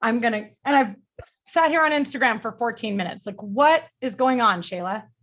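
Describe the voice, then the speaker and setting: A middle-aged woman leading a group coaching call, energetic and blunt, motivational, with casual swearing. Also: fairly high pitch, moderate pace. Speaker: sales coach.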